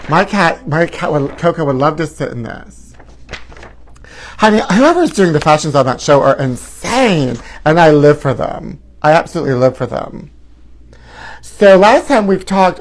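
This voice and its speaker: A man in his forties hosting a live gossip talk show, flamboyant and sassy, calling his viewers honey. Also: a little high. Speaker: host.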